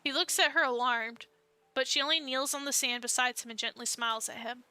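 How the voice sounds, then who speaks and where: A young woman streaming a dating-sim game, reading its story aloud with feeling and jumping in with excited reactions. Her voice is bright, smooth and a touch high, recorded close and dry with faint game music underneath. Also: a little fast, no echo.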